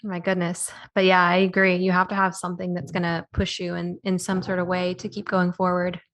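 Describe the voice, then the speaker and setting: A woman with a bright, crisp voice hosts a health podcast. She asks her questions casually and affirms her guest with quick agreeing words. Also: on the low side, monotone. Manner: conversational, affirming with short interjections. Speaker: podcast host. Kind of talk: casual interview.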